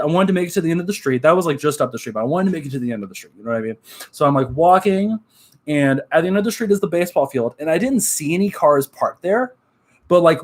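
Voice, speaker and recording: A young man from Texas, chatting casually to his live stream chat and telling a story with many fillers and asides. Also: fairly high pitch. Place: at home.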